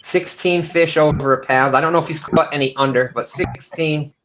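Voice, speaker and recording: A man's voice: on the high side, normal speed, fairly bright tone. Chatty man hosting a fishing stream. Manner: chatty, reads viewer comments aloud. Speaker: livestream host. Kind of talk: casual live commentary. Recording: dull lo-fi stream audio with noise.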